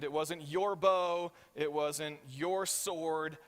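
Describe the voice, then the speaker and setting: A man preaching a sermon as pastor, telling the story with animated voices for the characters and often checking in with the congregation. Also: a little high, slow pace, hardly any pauses. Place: church hall. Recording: reverberant hall.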